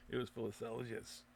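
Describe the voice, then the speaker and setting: Gravelly man, loose live-radio host. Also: medium pitch, a little hiss or hum. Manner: loose, swearing, laughing, stumbling restarts. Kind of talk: casual live show banter.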